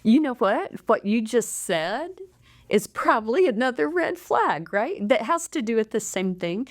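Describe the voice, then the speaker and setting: A woman's voice: a little high, big pitch swings, unhurried. Earnest middle-aged woman co-host. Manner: earnest, emphatic, often checks in with "right?". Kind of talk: casual conversational podcast.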